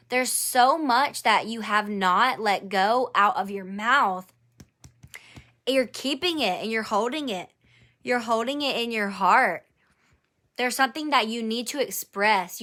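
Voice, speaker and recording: A woman's voice: on the high side, bright, forceful tone. A woman doing a live-streamed angel card reading. She speaks to one viewer by name, encourages her, and repeats her phrases.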